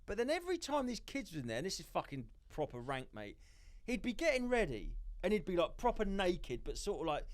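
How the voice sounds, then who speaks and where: A man on a comedy podcast, his voice pitched a little high and swinging widely as he rants. He swears freely and spins conspiracy theories in loose, casual chat from a podcast studio. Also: huge pitch swings, brisk. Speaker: podcast co-host.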